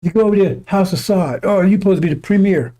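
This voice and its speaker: High-voiced man preaching with mocking scorn. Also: quick pace, dark tone. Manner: mocking, scornful, breaks into laughter, repeats phrases. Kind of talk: impassioned religious broadcast sermon.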